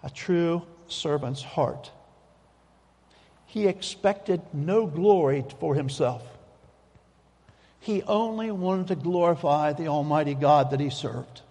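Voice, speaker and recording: A man's voice: fairly high pitch, a little slow, dark tone. A man preaching a sermon in a folksy, emphatic way, repeating his key phrases, in a church sanctuary. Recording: long hall reverb.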